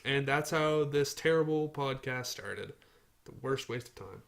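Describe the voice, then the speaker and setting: A man's voice: medium pitch, a little slow, vocal fry, a bit bright. A young man hosting a casual podcast, telling rambling stories and teasing his friends. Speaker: podcast host. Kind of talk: casual chat.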